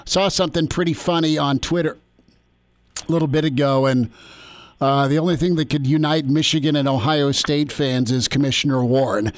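A man's voice: a little high, fairly even intonation, normal speed, no echo. A man hosting a sports radio show, chatting loosely and joking with fillers and restarts. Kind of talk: casual sports radio talk.

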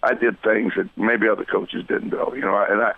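A gravelly older man spins blunt, folksy coaching stories with plenty of restarts. His voice comes through a tinny, phone-like line that sounds dry and close. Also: lowish voice, level tone, brisk, dry recording. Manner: folksy, blunt, swears casually, rambling restarts. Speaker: guest, retired football coach. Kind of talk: storytelling radio interview.

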